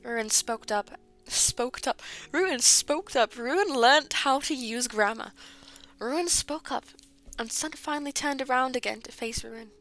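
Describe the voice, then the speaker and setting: A woman with a somewhat high voice reads her friends' old fan fiction aloud on a livestream. She keeps breaking off to giggle, apologize and comment. Music plays clearly behind her. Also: unhurried, a bit bright. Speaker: streamer. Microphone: streaming mic. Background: music playing.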